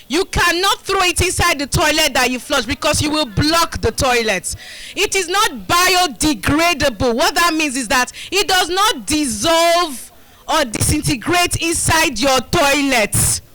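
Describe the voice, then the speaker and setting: Bright, high-voiced Nigerian woman educator. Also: no room sound, poor audio. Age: middle-aged. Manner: rousing, call-and-response, coaxing the crowd. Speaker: community health educator. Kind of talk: live demonstration talk to a group. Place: community gathering.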